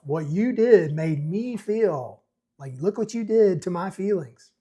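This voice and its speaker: Middle-aged man, host, husky, medium pitch, explanatory, relaxed. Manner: explanatory, relaxed, with reading aloud. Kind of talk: screenplay breakdown, reading and commenting.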